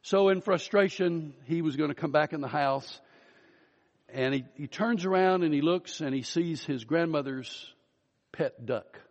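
A man preaching an Easter sermon, a storyteller who slows down and lifts his voice for emphasis. His voice sits a bit high. The sound is dull and rings with the long reverb of a large hall. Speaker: pastor. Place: church sanctuary.

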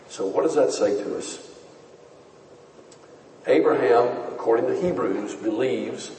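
A man preaching a sermon, teaching in a measured and earnest way. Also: medium pitch, expressive, warm tone, a little hiss or hum. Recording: echoey hall, voice from far off.

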